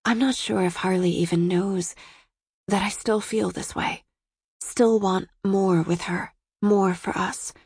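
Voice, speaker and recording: A woman voicing a soft-spoken, guarded woman who is weary and lovelorn, in a quiet, hushed delivery. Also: mid-range voice, fairly even intonation, slow, breathy edge, dry recording, full character voice. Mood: subdued.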